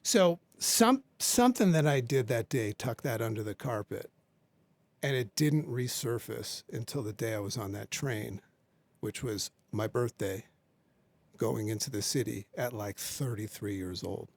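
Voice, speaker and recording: A man's voice: fairly low pitch, unhurried, a little mellow, dry recording. A man, a podcast guest, earnestly recounting a personal story and repeating key points for emphasis.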